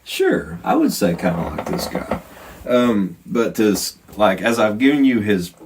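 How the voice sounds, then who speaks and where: A man co-hosting a podcast in casual chat, relaxed and swearing a lot, with plenty of fillers. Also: lowish voice, measured pace, far from the mic, background noise. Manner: laid-back, swears a lot, many fillers. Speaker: podcast co-host.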